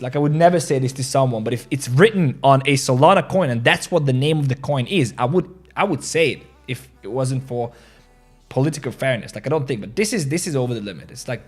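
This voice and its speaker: Excitable rambling male crypto host. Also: mid-range voice. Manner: rambling and excitable, reads social media posts aloud with laughs. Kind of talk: casual crypto market commentary.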